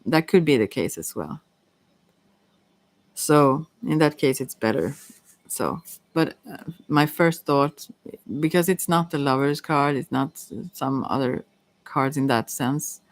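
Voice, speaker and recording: A woman giving a casual live-stream tarot reading, chatty and giggly, pausing often with fillers as she talks things through. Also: rumbling low, lively intonation, no room sound. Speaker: tarot reader.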